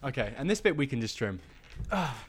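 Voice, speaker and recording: A man's voice: medium pitch, very animated, fairly quick, breathy edge. A young man co-hosting a casual podcast, rambling and teasing with lots of fillers and restarts. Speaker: podcast co-host.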